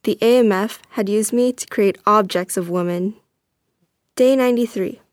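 A woman's voice: mid-range voice, normal speed, dry recording. Woman reading a story, dry sound. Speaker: narrator. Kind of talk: first-person story reading.

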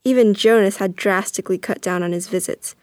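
A young woman reading a first-person story aloud as narrator, earnest and steady. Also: mid-range voice, a little fast, no room sound.

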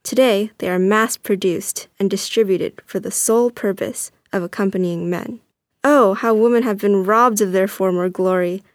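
A young woman reading a first-person story aloud as narrator, earnest and steady. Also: medium pitch, no room sound.

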